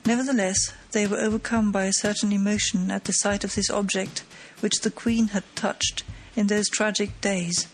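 A woman narrating an audiobook of a classic mystery in a measured, dramatic storytelling manner. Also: medium pitch, little pitch movement, poor audio. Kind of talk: scripted narration.

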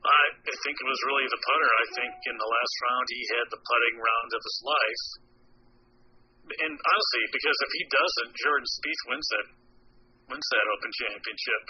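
A man's voice: mid-range voice, moderate pace, slightly rough, lo-fi sound. A man, a golf writer guest in a casual interview, talking in a wry, self-deprecating way and often restarting his sentences.

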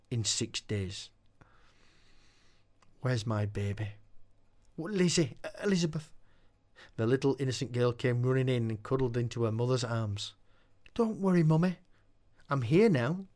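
Male narrator for a horror tale; unhurried, dramatic delivery. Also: medium pitch, darkish tone. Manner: slow, deliberate, dramatic reading. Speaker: storyteller. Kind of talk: horror story reading.

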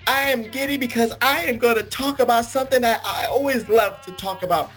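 A man hosting a casual podcast over a video call, excitable and theatrical, with grandiose self-introductions. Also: very high-pitched, a little fast, faint music behind, rough recording. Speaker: podcast host. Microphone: remote video call.

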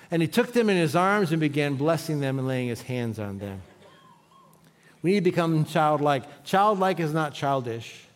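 A man's voice: on the high side, in a large hall. A man preaching a sermon as pastor, talking conversationally and asking the congregation questions.

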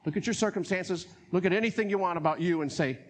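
A pastor with a North Carolina accent preaches a sermon in a high, fast voice. He's animated, laughs often, and acts out different voices.

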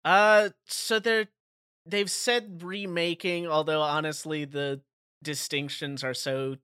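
Smooth, bright-voiced man, hesitant. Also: fairly high pitch, level tone, takes it slowly, no echo, clean studio sound. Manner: laughing, hesitant with many uhs. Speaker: podcast co-host. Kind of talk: casual chat.

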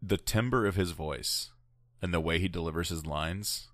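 Deep-voiced podcast man, dry sound. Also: normal speed, a bit bright, no room sound. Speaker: podcast co-host. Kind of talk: casual chat.

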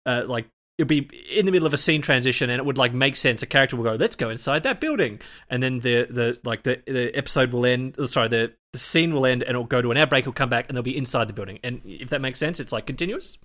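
A man's voice: mid-range voice, quick pace, hardly any pauses. A man co-hosting a casual podcast, recapping an anime and acting out the characters' lines. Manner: animated, acts out lines. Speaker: podcast co-host.

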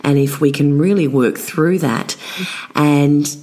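Host, woman in her forties, very deep voice, chatty and quick to laugh. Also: mellow. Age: 40s. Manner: chatty, laughs often, repeats words. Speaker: podcast host. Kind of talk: casual interview chat.

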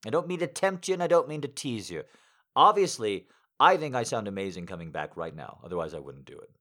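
A man with a very deep voice talks casually and warmly to his listeners. His speech rambles along with halting restarts. His pitch swings widely as he goes. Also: very animated. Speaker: audio creator.

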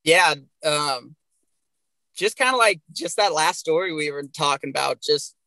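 Young guy swearing nonstop while he tells a story, bright edgy voice, dead dry sound. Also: fairly high pitch, a little slow, creaky, no echo, rough recording. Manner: animated, swears constantly. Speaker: guest, pro bull rider. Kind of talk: profane storytelling on a podcast.

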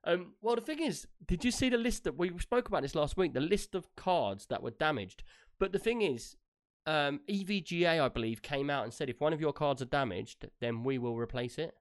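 A man's voice: on the high side, expressive, brisk. A man hosting a gaming podcast, chatty and rambling, often laughing. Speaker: podcast host. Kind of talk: casual gaming podcast chat.

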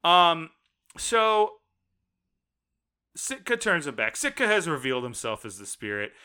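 Excitable man with a bright voice. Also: a little high, a little slow, smooth. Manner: excitable, animated retelling with quoted reactions. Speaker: podcast co-host. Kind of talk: casual chat.

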